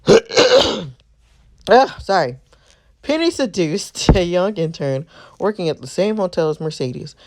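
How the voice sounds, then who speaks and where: A woman reading a game's narration as a devoted, protective young man, in an earnest storytelling way with a gravelly texture. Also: low-pitched, a little mellow, exaggerated voice. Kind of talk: reading game narration aloud.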